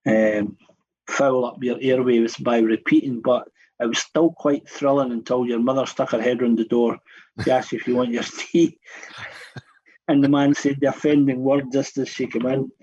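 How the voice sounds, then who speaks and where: Husky man telling stories. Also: mid-range voice, level tone, normal speed, a little mellow. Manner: rambling anecdotal storyteller with frequent restarts. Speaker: radio guest. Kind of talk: casual radio chat. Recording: dull, muffled radio studio sound.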